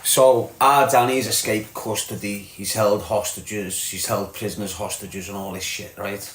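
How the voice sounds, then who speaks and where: A man's voice: lowish voice, fairly even intonation, a little slow, fairly bright tone, echoey room. A man with a Scouse accent from Liverpool, hosting a live stream and chatting bluntly to viewers, reading out comments and swearing freely. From Liverpool, England. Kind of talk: casual live chat.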